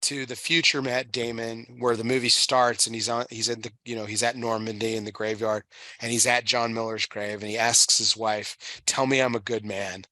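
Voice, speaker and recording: Bright, emotional man swearing casually. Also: mid-range voice, level tone, dry recording. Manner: emotional, swearing, halting restarts. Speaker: podcast host. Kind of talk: casual chat.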